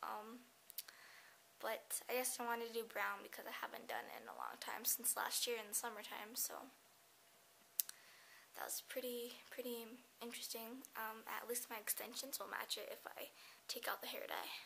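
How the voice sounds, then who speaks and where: Hoarse teen girl, whispery and bright. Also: fairly high pitch, lively intonation, moderate pace, slight background noise, rough recording. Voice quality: drops to a whisper often. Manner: chatty, rambling, lots of fillers. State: losing her voice, hoarse. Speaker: vlogger. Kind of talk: casual vlog chat. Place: at home, indoors.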